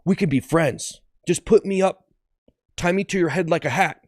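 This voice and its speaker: A man's voice: on the high side, moderate pace, a little mellow, no room sound, studio quality, close to an everyday voice. A man voicing a male cheeseburger who pleads and bargains not to be eaten in an improvised sketch. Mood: pleading.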